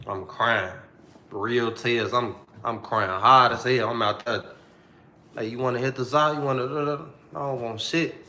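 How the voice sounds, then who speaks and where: A man's voice: on the low side, pushed and bright, roomy sound, a little hiss or hum. A young man telling a personal story to the camera in a slangy, repetitive, heartfelt way.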